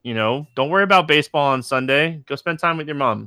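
A man hosting a casual sports podcast, relaxed and playful, with frequent ums. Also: mid-range voice, brisk, clean tone. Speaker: podcast host.

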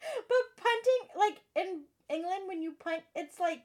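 High-pitched woman, halting and playful. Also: lively intonation. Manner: halting, searching for words, self-amused. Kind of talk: casual chat about books.

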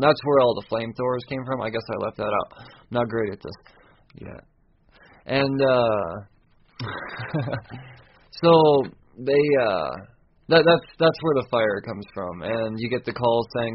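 A man's voice: medium pitch, a little slow, highs cut off, a little hiss or hum. A man casually recapping a comic story, rambling and profane, with frequent restarts and laughing at his own slips.

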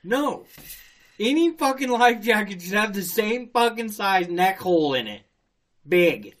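A man with a high-pitched voice tells a story at a measured pace during casual chat. He's an animated storyteller who swears heavily and laughs often.

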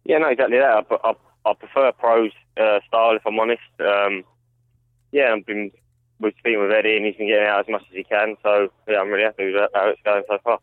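London boxer on a tinny phone line. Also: male voice, lowish voice, flat delivery, brisk, dry recording. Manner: laid-back, laughs easily, modest. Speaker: professional boxer guest. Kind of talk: interview over the phone. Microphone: phone call.

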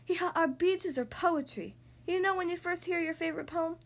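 A woman voicing a cheerful older grandmother in a read-aloud storybook, telling stories with lively warmth. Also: very high-pitched, moderate pace, pitched above the performer's own voice. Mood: delighted.

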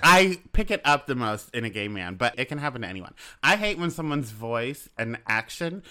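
A man's voice: mid-range voice, sing-song, moderate pace, sharp tone. A man co-hosting a podcast in casual chat, rambling and laughing often as he talks. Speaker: podcast co-host.

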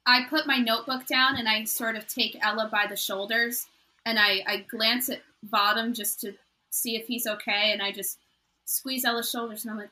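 A woman's voice: a little high, fairly even intonation, moderate pace, sharp tone, slight background noise, rough recording. A woman playing a tabletop game, eagerly describing what her character does. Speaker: player. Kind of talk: tabletop role-play.

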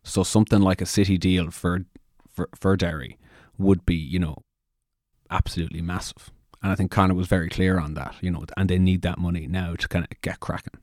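A male co-host asks questions thoughtfully and often restarts his sentences. His deep voice sounds dry and close. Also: little pitch movement, fairly quick, darkish tone, dry recording.

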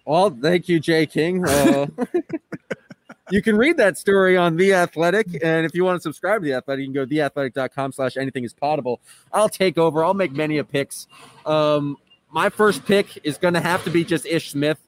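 A man hosting a sports podcast, his voice on the higher side for a man and recorded dry and close. He talks in a loose, chatty way, often pausing on filler sounds. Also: no room sound. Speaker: podcast host. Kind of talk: casual sports podcast chat.

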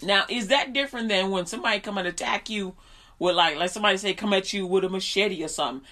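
A woman preaching in an informal storytelling style, animated, laughing often and repeating her phrases. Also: medium pitch, quick pace.

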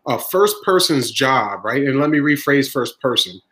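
A man who runs a family deli, holding forth in a relaxed podcast chat. He talks at a medium pitch and hammers his points home by repeating them. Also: moderate pace, rough recording. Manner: emphatic, repeats points for stress. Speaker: deli owner, podcast host. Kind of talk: casual podcast discussion.

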